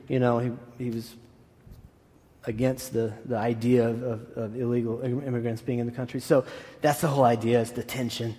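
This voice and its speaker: A man's voice: mid-range voice, dark tone. A man preaching a sermon as pastor in a casual, enthusiastic way with asides. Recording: echoey hall.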